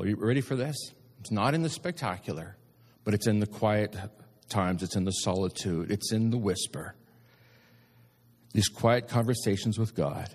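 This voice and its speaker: A man's voice: fairly low pitch, a little mellow. A man preaching a sermon to his congregation, emphatic and direct, with repeated appeals to his listeners. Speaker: pastor. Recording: long hall reverb.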